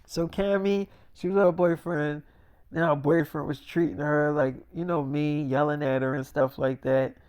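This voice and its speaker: A man's voice: fairly high pitch, little pitch movement, moderate pace, a little mellow, clear, resonant tone, no room sound, clean studio sound. A man telling an improvised role-play story in a rambling way, full of filler words. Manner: rambling, full of "like" and "you know".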